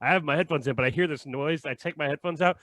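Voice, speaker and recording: A man's voice: a little high, fast talker, fairly bright tone, no echo. A young man co-hosting a podcast, telling stories in casual chat, laughing often and acting out what people said. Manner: storytelling, laughs often, acts out quotes. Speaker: podcast co-host.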